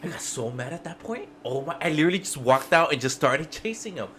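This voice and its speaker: A man's voice: on the high side, expressive, quick pace, fairly bright tone, slight background noise. Man telling stories with profanity and laughter. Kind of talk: casual chat.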